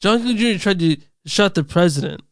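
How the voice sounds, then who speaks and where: A man with a high, clean, resonant voice recorded close and dry. He co-hosts a casual movie podcast, stammers through restarts and swears offhandedly. His talk is loose and rambling. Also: lively intonation, fairly quick, no room sound. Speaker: podcast co-host.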